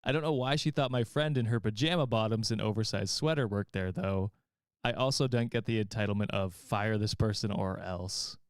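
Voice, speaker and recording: A man with a smooth, clear voice reads a story aloud and then chats about it, laughing often as he goes. The sound is dry and close, with no room around it. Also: fairly low pitch, brisk, dry recording. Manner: laughs often while reading. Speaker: podcast host reading stories. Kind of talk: reading aloud and casual chat.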